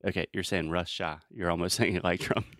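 A man with a fairly low voice teaches English pronunciation in an easy, casual way. He models sounds slowly and patiently and laughs along the way. The sound is dry and close, with no room around it. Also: fairly even intonation, a bit bright, no room sound.

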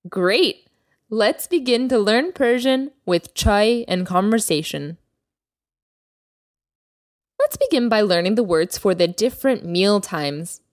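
A woman hosting a language lesson podcast as the teacher, speaking clearly and slowing down to model new words. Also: mid-range voice, expressive, dry recording, clean studio sound. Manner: clear teacherly delivery, slows down for vocabulary. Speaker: Persian teacher, podcast host.

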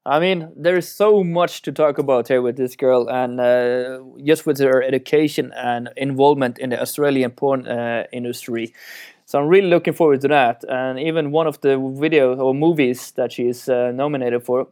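A man's voice: mid-range voice, moderate pace, darkish tone. Giggly male co-host. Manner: giggly, enthusiastic, loose grammar. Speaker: podcast co-host. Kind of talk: casual podcast chat.

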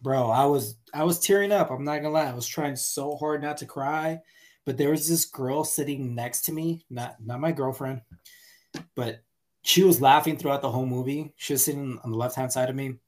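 A man co-hosting a podcast, telling a story in an excitable, profane, confessional way. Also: mid-range voice, normal speed. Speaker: podcast co-host. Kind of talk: casual movie review chat.

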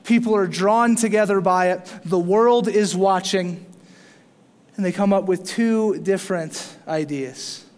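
A man preaching a sermon in a church, animated, with rising emphasis and playful asides to the congregation. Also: high-pitched, unhurried. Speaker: pastor. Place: church sanctuary. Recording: long hall reverb.

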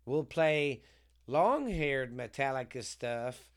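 A man's voice: mid-range voice, expressive, takes it slowly. A man co-hosting a podcast, casual and joking, with a lot of swearing. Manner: rambling, profane, joking. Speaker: podcast co-host.

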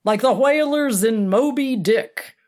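A woman's voice: on the high side, slow, darkish tone, pitched above the performer's own voice. A woman doing a blunt middle-aged character actor. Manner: blunt, crude, matter-of-fact.

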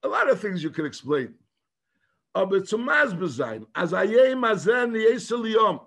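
A man, a rabbi, giving a talk in English mixed with Yiddish, halting and repeating himself, then rising into emphatic bursts. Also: high voice, sing-song, a bit bright.

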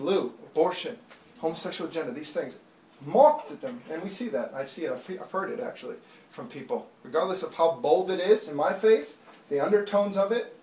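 A man preaching a sermon to a congregation, talking plainly and then building to urgent, impassioned appeals. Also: on the high side. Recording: echoey room, mic far off.

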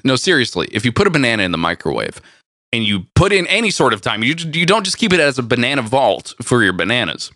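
A man co-hosting a cooking show, who explains recipes and trades deadpan jokes. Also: medium pitch, fast. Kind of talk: casual banter.

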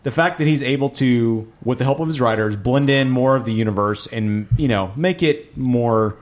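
A man's voice: medium pitch, moderate pace. Man talking enthusiastically in casual podcast banter. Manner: enthusiastic, detailed fan commentary. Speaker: podcast co-host. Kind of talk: casual chat.

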